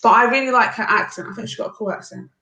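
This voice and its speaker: Woman panelist, casual, chatty and giggly, somewhat high voice. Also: sing-song, rapid-fire, vocal fry, pushed and bright, poor audio. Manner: chatty, giggly, stumbling restarts. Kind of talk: casual live panel chat.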